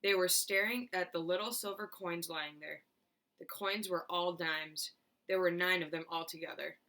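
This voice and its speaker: A woman teacher reading a children's chapter book aloud with clear, expressive narration. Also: fairly low pitch, moderate pace. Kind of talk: storybook read-aloud.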